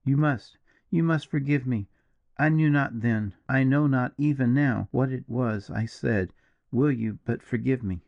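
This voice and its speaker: A man's voice: mid-range voice, normal speed, hardly any pauses, dry recording, muffled recording, lightly acted. A man voicing an impassioned, tender-hearted young woman in an audiobook, crying out in a raised, emotional voice. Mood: pleading. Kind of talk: audiobook character reading.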